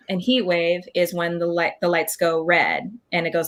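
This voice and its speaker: A woman guest talking in an animated, casual interview, scatting rhythms and acting out what others said. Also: fairly low pitch, normal speed. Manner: animated, scats dance counts, acts out quotes. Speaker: guest performer.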